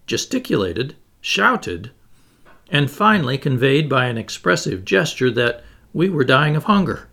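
Gravelly, lively male audiobook narrator. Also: mid-range voice.

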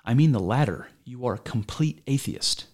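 A brash young accuser, voiced by a man reading aloud, firing off curt, emphatic claims. The pitch is an everyday male middle. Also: lively intonation, moderate pace, a little mellow, husky. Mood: insistent.

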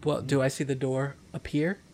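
A man's voice: medium pitch, flat delivery, moderate pace, darkish tone. Tabletop player, man, plain matter-of-fact delivery, faint hiss behind. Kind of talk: casual chat.

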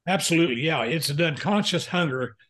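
An older man, a pastor and counselor, telling a candid personal story in an interview, earnest and halting with frequent fillers. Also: fairly high pitch, expressive, fairly bright tone.

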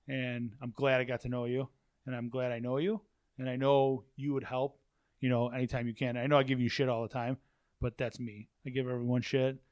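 Chatty male guest, mid-pitched, rambling and profane; dry room sound. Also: little pitch movement, fairly quick, darkish tone, smooth, no echo. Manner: rambling storyteller, swears, repeats himself. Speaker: podcast guest, warehouse manager. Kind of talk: casual chat. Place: office at a work facility.

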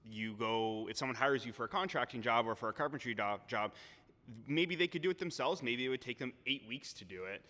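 A man hosting an interview, speaking quietly and haltingly with many fillers. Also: medium pitch. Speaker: podcast host. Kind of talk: casual interview chat. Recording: echoey hall, off-mic.

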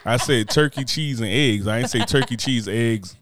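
A man co-hosting a podcast, chatting casually with animated, profane banter. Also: medium pitch, normal speed, a crowd in the background. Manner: animated, profane, laughing asides. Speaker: podcast co-host.

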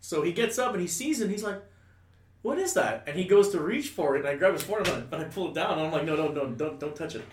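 Guy rambling thru a crude story, highish voice, echoey room. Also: racing, hardly any pauses, far from the mic, a little hiss or hum. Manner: rambling, full of asides. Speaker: storyteller guest. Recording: echoey room, a bit off-mic.

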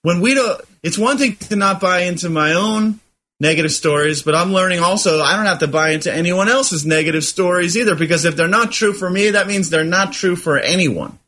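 A man with a bright, forceful and slightly high voice co-hosts a relaxed spiritual podcast. He speaks earnestly and reflectively, often pausing to search for the right word. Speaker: podcast co-host. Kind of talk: casual spiritual discussion.

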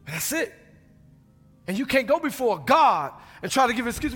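A middle-aged pastor preaching a sermon in a church, swinging from hushed lows to loud, emphatic peaks. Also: male voice, sing-song, fairly quick, breathy edge. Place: church sanctuary. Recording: reverberant hall with music behind.

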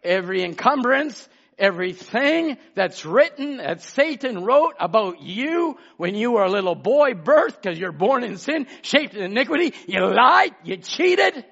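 A man preaching a sermon as pastor, swinging between emphatic shouts and hushed asides and calling out listeners by name. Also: extremely high pitch, big pitch swings, measured pace, gravelly. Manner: calls out congregation members by name. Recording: dull lo-fi sermon recording.

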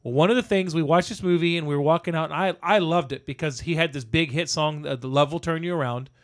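A man with a notably high voice co-hosts a relaxed movie review chat. He tells animated stories and swears freely. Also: quick pace.

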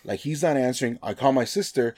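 A man from Nevada tells a story in casual conversation, speaking quickly in a mid-range voice. He's animated and swears, acting out quotes and saying "like" a lot.

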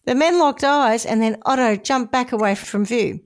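Chatty woman storyteller, slightly high. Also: moderate pace. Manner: chatty, jokey asides. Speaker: podcast host, storyteller. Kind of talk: casual comedic storytelling.

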